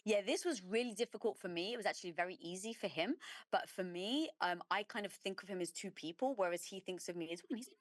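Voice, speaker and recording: A middle-aged woman who runs a business tells her story in an interview. She speaks with emphasis and acts out her own past thoughts. The pitch sits mid-range, and the voice is dry and close with little room sound. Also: quick pace, no echo. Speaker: entrepreneur guest.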